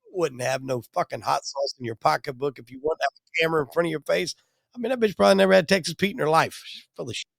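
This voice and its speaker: Podcast host dude, blunt and cussing, slightly high voice, dry close mic. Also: male voice, fast talker, gravelly, dry recording. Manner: blunt, profane opinions. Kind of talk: casual podcast talk.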